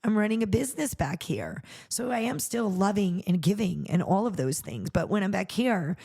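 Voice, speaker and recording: A middle-aged woman, a charity founder, telling her personal story on a podcast in an earnest, animated way, acting out what people said. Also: medium pitch, moderate pace, creaky, breathy edge. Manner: earnest, animated retelling with acted-out quotes.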